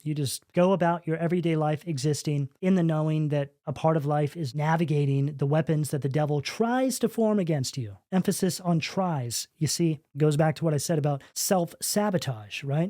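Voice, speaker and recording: A man's voice: on the high side, fairly even intonation, fairly quick, few pauses, warm tone, no echo, studio quality. A man giving a tarot reading in a preachy, emphatic way, often asking "right?". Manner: preachy, emphatic, rhetorical questions. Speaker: tarot reader.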